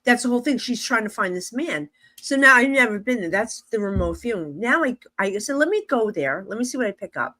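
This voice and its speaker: On a podcast, a middle-aged psychic medium from New Jersey, judging by her accent, tells an animated tale, voicing the dialogue and laughing a lot. She talks a little fast with few pauses, her pitch is on the high side, and there is no room sound.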